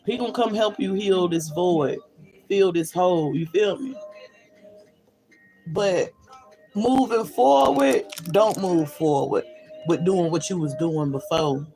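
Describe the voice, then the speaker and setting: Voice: medium pitch, slow, long pauses, warm tone, soft background music, poor audio. A spiritual reader giving a blunt, profane and emphatic pep talk to viewers, often checking in with "you feel me?".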